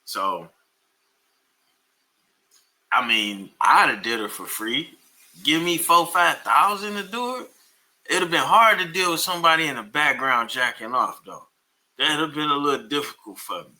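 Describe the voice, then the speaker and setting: Host riffing on clips; bright, sharp male voice, teasing slang. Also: a little high, lively intonation, moderate pace, long pauses. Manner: joking, mocking, slangy. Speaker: commentary host. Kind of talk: reaction commentary.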